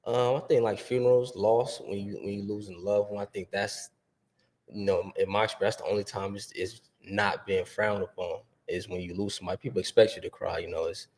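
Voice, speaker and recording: A man in his twenties speaks as a podcast guest, his voice on the low side. He talks in a laid-back, hesitant way, filling pauses with many fillers. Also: little pitch movement, a little mellow. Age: 20s. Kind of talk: casual podcast chat.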